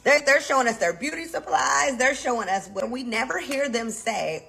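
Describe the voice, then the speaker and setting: Gravelly, lively American woman. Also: high-pitched, poor audio. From United States. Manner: fast, emphatic opinion-giving. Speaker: co-host. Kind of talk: casual commentary chat.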